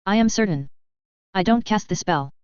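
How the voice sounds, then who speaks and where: A woman's voice: mid-range voice, expressive, moderate pace, a little mellow, clear, resonant tone, dry recording, highs cut off, lightly acted. A woman voicing a brash young male fighter who talks in an offhand, defiant way in an audiobook. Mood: casual.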